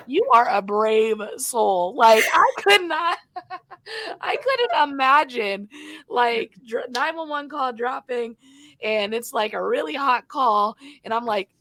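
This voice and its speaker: A young adult woman hosting a casual podcast interview, talking with animated energy, laughing often and acting out little scenes. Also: fairly high pitch, slow pace, no echo, rough recording. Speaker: podcast host and 911 dispatcher.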